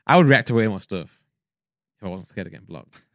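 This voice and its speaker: A man's voice: on the low side, lively intonation, a bit bright, no room sound, studio quality. A man co-hosting a podcast in casual chat, rambling with lots of fillers and restarts. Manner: fast rambling talk with many likes and restarts. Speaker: podcast co-host.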